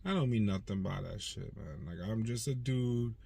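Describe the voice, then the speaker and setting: A man's voice: on the low side, moderate pace, creaky, dark tone, husky. A man in his forties, a used car dealer hosting his own channel, rambling in a casual, profane, streetwise way. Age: 40s. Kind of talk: casual vlog monologue.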